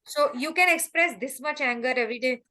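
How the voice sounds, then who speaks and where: A middle-aged woman answers questions as a coach. Her voice sits high and she talks with animated energy, acting out quotes in small put-on voices. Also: fairly quick. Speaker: host and happiness coach. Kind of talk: coaching answers on a group call.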